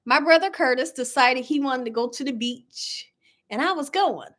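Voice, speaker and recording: A middle-aged woman who runs a cooking channel hosts a casual livestream, talking in a high, animated, fairly bright voice at a normal speed. She's a chatty storyteller who reads viewer comments aloud, laughs often, and calls her audience "y'all."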